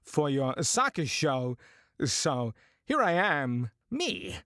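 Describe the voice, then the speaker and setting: A man voicing a boastful, eccentric American film star with an American accent, speaking in odd halting phrases. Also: fairly high pitch, sing-song, fairly bright tone, no room sound, studio quality, full character voice.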